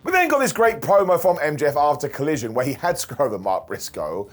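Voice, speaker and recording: A man giving a casual recap of a wrestling show, chatty and wry, slipping into quick impressions of the wrestlers. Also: on the high side, very animated, soft background music.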